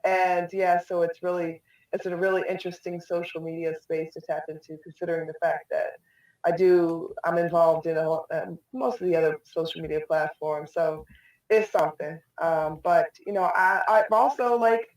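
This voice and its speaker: A woman's voice: lowish voice, steady tone, moderate pace, a little mellow. A woman guest in a casual online interview, answering thoughtfully with many ums. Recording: echoey room, distant mic.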